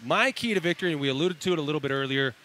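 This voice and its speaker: Fast-talking, emphatic male football analyst. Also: on the high side, animated, pushed and bright. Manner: emphatic, opinionated breakdowns. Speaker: football analyst, former player. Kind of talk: sports talk analysis.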